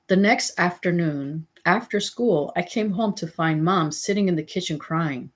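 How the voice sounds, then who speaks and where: A woman reading a memoir aloud, telling it in a steady first-person way. Her voice is low and husky. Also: a little slow, hardly any pauses. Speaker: memoir reader. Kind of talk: audiobook reading.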